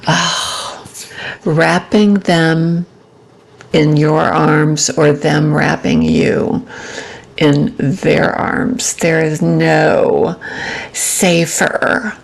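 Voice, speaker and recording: Slow, gravelly-voiced woman musing softly. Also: low voice, fairly even intonation. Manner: soft-spoken, unhurried, pauses with ums. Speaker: relationship advice vlogger. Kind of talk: reflective personal talk to camera.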